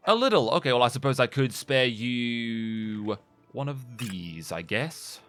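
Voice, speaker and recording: Male gaming host, musing, self-mocking, unhurried, game music under him. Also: medium pitch, expressive, fairly bright tone. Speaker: gamer host. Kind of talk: gameplay commentary.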